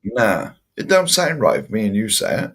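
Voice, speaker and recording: A man co-hosting a casual pub chat show, friendly and animated, calling everyone mate. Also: lowish voice, moderate pace, breathy edge. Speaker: podcast co-host.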